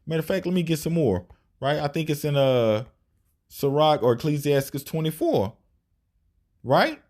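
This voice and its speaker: Male preacher, casual scripture-teaching delivery, slightly raised pitch, repetitive tag questions. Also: very animated, normal speed, a little mellow. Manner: informal, repetitive "right?" tag questions, reads verses aloud. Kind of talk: scripture study sermon.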